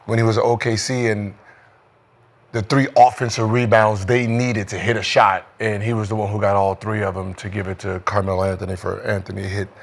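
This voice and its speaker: A man with a fairly low voice talks through a basketball game in loose, rambling podcast chat. He leans on "you know" constantly and drifts between thoughts. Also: little pitch movement, fairly quick, creaky. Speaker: podcast co-host, former basketball player. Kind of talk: casual sports chat.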